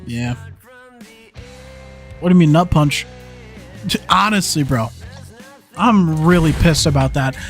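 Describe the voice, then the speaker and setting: Streaming a zombie shooter, a young man commentates live in a fairly high voice. He's often frustrated, swearing and talking to the game, and flips from muttered asides to yelled outbursts.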